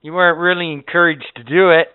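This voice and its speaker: A man's voice: fairly high pitch, steady tone, fast talker, clean tone. A man telling rambling, profane stories as a podcast co-host in casual chat. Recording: tinny phone-like audio.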